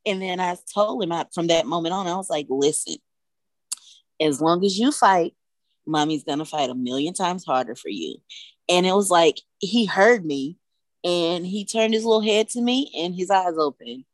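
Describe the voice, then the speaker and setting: Low-voiced woman. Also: moderate pace, no echo. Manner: candid, emotional, frequent "um" and "like". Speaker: mother telling her story. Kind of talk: personal storytelling.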